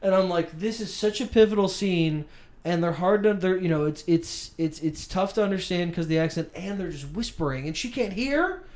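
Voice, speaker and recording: A man co-hosting a podcast, telling rambling, animated stories in casual chat and laughing often. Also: sits high, moderate pace. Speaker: podcast co-host.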